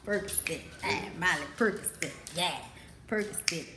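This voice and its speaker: A woman from New Orleans, USA, with a New Orleans accent, hosts a live Q&A as a vlogger, chatting casually, frankly and profanely while laughing often. Her voice is on the low side and sharp in tone at a normal speed, with a little hiss or hum and a roomy echo on the recording.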